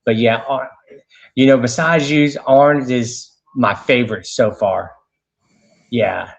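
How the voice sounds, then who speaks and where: Man, radio host as guest, animated storyteller, fillers and restarts, mid pitch, lo-fi sound. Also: takes it slowly, creaky. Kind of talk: casual storytelling interview.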